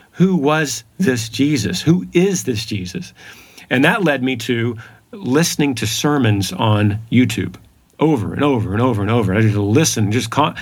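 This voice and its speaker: Husky-voiced man giving earnest testimony. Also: mid-range voice. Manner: earnest, emphatic storytelling with repeated phrases. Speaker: podcast guest. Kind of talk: personal testimony in conversation.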